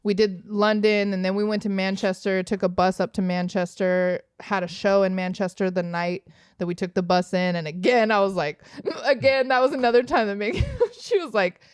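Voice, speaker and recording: A young woman from Los Angeles, a guest on a podcast, tells a tour story in loose casual chat. She swears freely and laughs between lines. Her voice is smooth and clear, recorded close and dry. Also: mid-range voice, moderate pace, dry recording.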